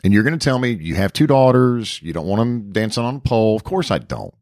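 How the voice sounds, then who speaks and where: A man co-hosting a radio show, teasing and joking in a wry, deadpan way during casual chat. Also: lowish voice, quick pace, no echo, clean studio sound. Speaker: radio co-host.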